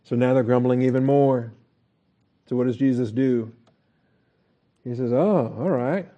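A man teaching a Bible lesson as a pastor, relaxed and folksy, with frequent fillers and chuckles. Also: medium pitch, unhurried, lo-fi sound.

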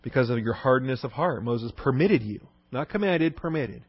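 Man, pastor, sermon, emphatic, rhetorical questions, mid pitch, dry dull sound. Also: animated, normal speed, slightly rough, no room sound. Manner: emphatic, rhetorical questions, repeats key points. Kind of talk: expository sermon.

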